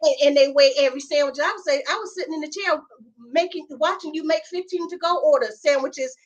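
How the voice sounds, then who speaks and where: A woman's voice: high voice, quick pace, dull audio. A woman co-hosting a podcast, telling a story in casual chat with emphatic, indignant repetition. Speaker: podcast co-host.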